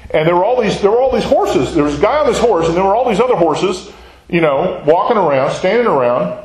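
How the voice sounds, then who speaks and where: A man leads a Bible study in a chatty, questioning way. His voice sits a little high and swings widely in pitch. The room around him is echoey. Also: lively intonation, fairly quick, darkish tone. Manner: conversational, asks the class questions. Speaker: Bible class teacher.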